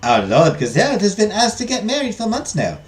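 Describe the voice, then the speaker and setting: Man voicing a chatty, excitable palace servant in a game, pitched well above his own voice, lively delivery. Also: fairly quick, soft background music. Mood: gossipy.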